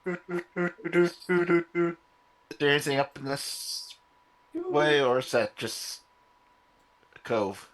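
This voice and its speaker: A man's voice: fairly high pitch, lively intonation, drawn-out words, pauses often, a bit bright. A man chats casually as a player at a tabletop role-playing game. He talks unhurriedly, drawling his words at a leisurely pace.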